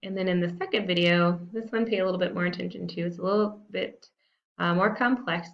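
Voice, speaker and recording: A woman's voice: fairly low pitch, vocal fry, lo-fi sound. A woman teacher talking students through a recorded lesson in a casual, self-deprecating way, with frequent fillers. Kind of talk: recorded classroom lesson walkthrough.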